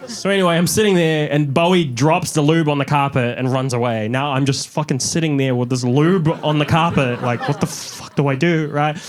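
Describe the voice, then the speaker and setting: A young man performing a stand-up comedy set in a large theatre, telling stories in an animated way and acting out the people in them. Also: brisk, few pauses, crowd noise. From New Zealand. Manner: animated storytelling, acts out characters with rising pitch. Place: large theatre with live audience.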